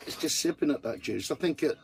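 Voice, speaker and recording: A man's voice: fairly high pitch, animated, fast talker, creaky, a little mellow, slight background noise. A man chatting casually to camera about his camper van, blunt and full of swearing. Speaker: vanlife vlogger.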